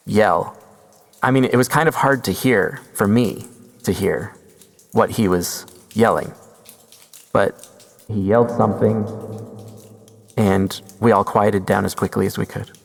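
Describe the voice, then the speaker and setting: A man hosting a podcast, telling a first-person story slowly and deliberately, with suspenseful pauses. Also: on the low side, creaky, big-room sound. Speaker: podcast host.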